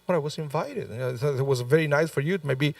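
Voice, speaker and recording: A man acting out an embarrassed guest who pleads in a hushed voice to be allowed to stay. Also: a little high, brisk, creaky, dry recording, studio quality, far from the mic. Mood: pleading.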